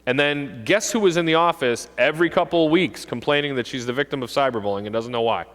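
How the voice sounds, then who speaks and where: A middle-aged man, a police officer, giving an animated talk to parents and acting out kids' voices. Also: mid-range voice, fast talker. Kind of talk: presentation to an audience. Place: school hall. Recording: long hall reverb.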